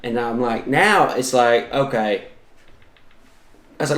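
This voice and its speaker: Brief: male comic, 30s, mid-pitched, crude and self-deprecating, roomy sound. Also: slow pace, a bit bright. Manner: profane, exaggerated, self-mocking. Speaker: podcast host and comedian. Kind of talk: comedic storytelling monologue.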